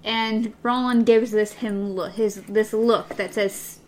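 A woman's voice: mid-range voice, fairly even intonation, takes it slowly, hardly any pauses, a little hiss or hum. A woman co-hosting a casual book chat, retelling scenes loosely with small laughs.

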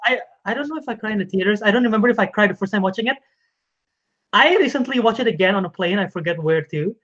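An animated man with an Indonesian accent hosting a casual podcast chat, laughing and swearing as he tells a story. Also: high voice, quick pace. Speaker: podcast host. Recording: dull lo-fi sound.

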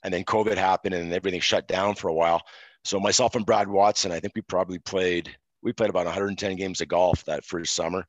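A middle-aged man from Quebec, a former referee, telling stories in a relaxed interview with many fillers. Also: low-pitched, fast talker, dry recording, dull audio. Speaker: podcast guest, former hockey referee. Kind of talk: casual interview storytelling.

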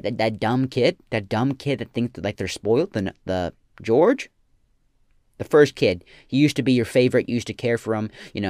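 A man's voice: lowish voice, warm tone, dry recording, studio quality. A man giving casual, profane, sarcastic reaction commentary.

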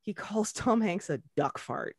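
A woman's voice: medium pitch, lively intonation, a little slow, gravelly, husky, dry recording, clean studio sound. A woman co-hosting a podcast, retelling movie scenes in casual, profane chat. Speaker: podcast co-host.

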